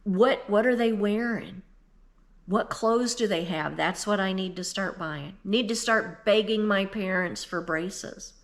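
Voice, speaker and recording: A woman's voice: mid-range voice, a little slow. A woman in her fifties giving an earnest, emotional devotional talk, speaking straight to the listener and tearful at times. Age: 50s. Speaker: Christian speaker.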